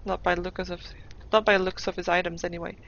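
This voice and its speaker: A woman's voice: lowish voice, little pitch movement, fast talker, fairly bright tone, slight background noise. A woman giving live game commentary as caster, thinking aloud with playful asides and frequent restarts. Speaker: esports caster. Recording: dull lo-fi recording.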